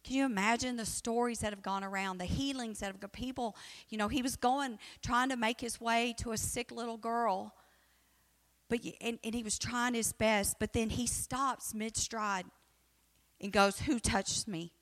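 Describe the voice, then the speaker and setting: A woman's voice: a little high, steady tone, moderate pace, a bit bright. Woman teaching Bible study in echoey hall. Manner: conversational, acts out quotes.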